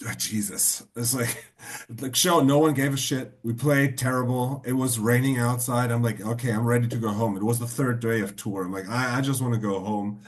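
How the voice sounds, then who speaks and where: A man's voice: mid-range voice, steady tone, normal speed. A man hosting a podcast, telling rambling anecdotes in casual chat. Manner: rambling anecdotes full of fillers. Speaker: podcast host.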